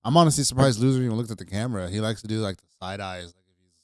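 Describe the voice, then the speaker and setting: A young man with a low, smooth voice chats easily on a podcast, spinning comedy-club stories in loose slang. The sound is close and dry. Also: racing, no echo. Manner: laid-back storytelling with frequent slang. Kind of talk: casual podcast chat.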